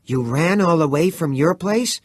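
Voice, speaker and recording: A man's voice: high voice, very animated, a little slow, dry recording, studio quality, pitched above the performer's own voice, exaggerated voice. A man voicing a brash, tough young boy who talks bluntly and scoffs at his friends. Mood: scoffing.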